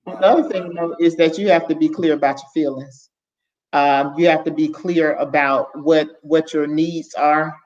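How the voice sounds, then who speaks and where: A woman's voice: deep voice, fairly even intonation, moderate pace, a little mellow. Candid woman, dull lo-fi sound. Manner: candid, earnest, starts over mid-sentence. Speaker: podcast guest. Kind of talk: casual conversation.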